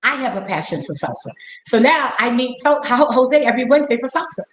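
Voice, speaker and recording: A woman's voice: fairly high pitch, very animated, fairly quick. A woman in her fifties hosting a casual conversation, telling stories animatedly and acting out the dialogue. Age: 50s. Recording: echoey room.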